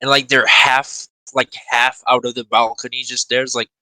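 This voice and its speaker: A man's voice: mid-range voice, level tone, moderate pace, sharp tone, dry recording, rough recording. A man playing in a tabletop game, teasing and joking with the others in casual chat. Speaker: player.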